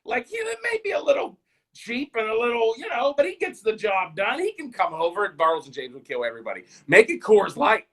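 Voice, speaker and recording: A man putting on the voice of an overexcited man vouching for a cheap but reliable buddy, loud and then rapid. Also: high-pitched, wildly swooping pitch, heavily acted. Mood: hyped.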